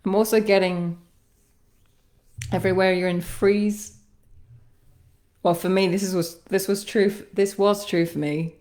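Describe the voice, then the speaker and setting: A woman who works as a sound healer and coach, giving a livestreamed guided self-reflection in a musing, halting way with sighs and laughs. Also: mid-range voice, steady tone, darkish tone.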